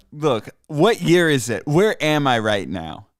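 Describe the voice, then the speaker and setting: A man's voice: a little high, sing-song, slow, no echo, clean studio sound. A man hosting a casual live broadcast, teasing a caller with sarcastic, mock-outraged banter. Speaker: streamer host.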